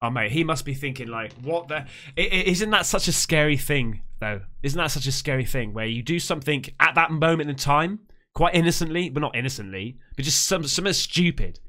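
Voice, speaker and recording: A man's voice: fairly high pitch, lively intonation, a little fast, pushed and bright. A man hosting a reaction video, talking casually and emotionally and swearing often.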